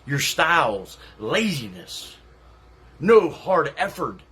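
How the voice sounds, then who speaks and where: A man playing a salty, husky veteran wrestler. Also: fairly high pitch, very animated, takes it slowly, bright, forceful tone, full character voice. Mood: scornful. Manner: brash, profane, taunting. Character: salty veteran male wrestler, brash and contemptuous. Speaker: promo wrestler persona. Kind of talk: wrestling trash-talk promo.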